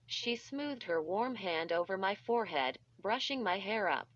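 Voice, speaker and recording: A woman's voice: mid-range voice, expressive, unhurried, fairly bright tone. A synthetic-sounding woman reading a children's horror story aloud, reading the text literally and spelling out letters. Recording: dull lo-fi.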